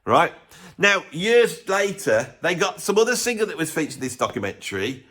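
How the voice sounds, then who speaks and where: A man's voice: on the high side, sing-song, normal speed, fairly bright tone. A man hosting a music channel, ranting his blunt opinions in casual talk to camera with chuckling asides.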